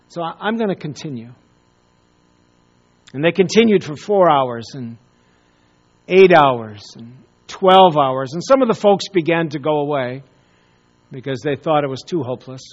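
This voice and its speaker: A man preaching a sermon, telling a story with pauses and repeated words. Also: a little high, expressive, dull audio. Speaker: pastor.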